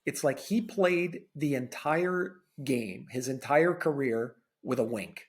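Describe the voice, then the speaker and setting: A man's voice: mid-range voice, animated, slow pace. A man co-hosting a podcast, telling stories in a conversational, slightly sardonic way and repeating phrases for effect. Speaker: podcast co-host, former player. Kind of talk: casual storytelling.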